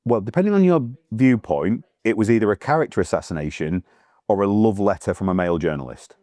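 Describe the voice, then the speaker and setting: A man's voice: lowish voice, animated, quick pace, warm tone, dry recording. A man hosting a podcast, joking around easily before asking his guest questions. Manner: joking, easygoing banter. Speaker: podcast host. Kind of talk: casual podcast interview.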